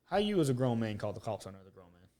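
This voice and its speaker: He has a mid-range voice and talks at a racing speed, co-hosting a podcast. Telling a story in loose, profane chat, he acts out the quotes with animated energy.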